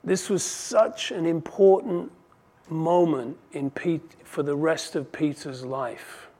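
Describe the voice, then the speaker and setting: Impassioned male preacher, fairly high voice. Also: fairly even intonation, slow, warm tone, slightly rough. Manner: impassioned, rising and falling in volume for emphasis. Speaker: pastor. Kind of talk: sermon.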